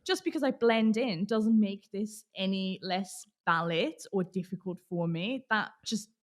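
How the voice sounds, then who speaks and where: A woman's voice: mid-range voice, a little slow. A woman from Austria with an accent that is hard to place, talking openly as an interview guest and laughing often. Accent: British English blended, hard to place. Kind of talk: casual interview chat.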